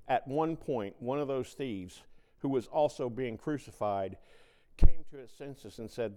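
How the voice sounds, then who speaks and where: A man, a pastor, preaching a sermon and reading scripture with dramatic swings between loud, raised passages and hushed, low reflection. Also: moderate pace, big-room sound.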